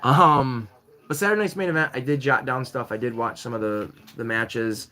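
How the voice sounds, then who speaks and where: A man hosting a live-stream variety show, chatting casually and rambling with jokes while he fiddles with a Lego set. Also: moderate pace. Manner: rambling, jokey, lively swings in pitch while building Lego.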